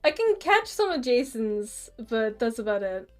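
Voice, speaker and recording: High giggly girl, chatty player on stream, little music behind. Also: sing-song, a little slow. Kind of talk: casual stream chat.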